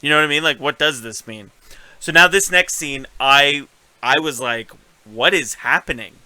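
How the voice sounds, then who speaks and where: Animated man, bright crisp voice. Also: on the high side, moderate pace, no room sound, low-quality recording. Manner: animated, swears a lot, acts out scenes. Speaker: podcast co-host. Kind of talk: casual recap chat.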